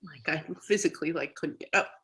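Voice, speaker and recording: Halting, reflective woman on a video call. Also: low-pitched, fairly bright tone, slightly rough, low-quality recording. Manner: halting, reflective, many restarts. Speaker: therapy client. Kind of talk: candid personal talk.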